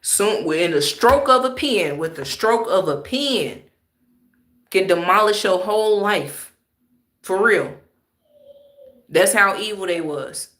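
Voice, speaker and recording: Blunt, bright-voiced woman streamer. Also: medium pitch, lively intonation, slow, pauses often, reverberant. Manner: blunt, emphatic, slangy. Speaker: livestream commentator. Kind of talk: casual livestream commentary reading chat.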